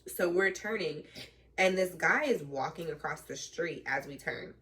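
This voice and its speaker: A woman trucker in training, telling a story in a casual vlog with animated, chatty retelling, slang and some swearing. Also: lowish voice, measured pace, distant mic.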